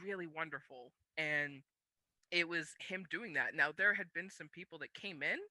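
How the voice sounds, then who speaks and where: A woman guest on an interview show, a sumo champion and military veteran, telling animated stories. She acts out her own past dialogue and often laughs as she talks. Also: sits low, normal speed, no echo. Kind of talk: casual interview storytelling.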